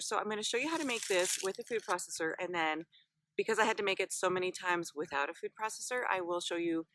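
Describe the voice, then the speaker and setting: A woman's voice: on the low side, fast talker, fairly bright tone, dry recording. A woman recipe vlogger talking in a bubbly, chatty way, with lots of fillers, explaining a recipe step by step. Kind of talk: casual cooking chat.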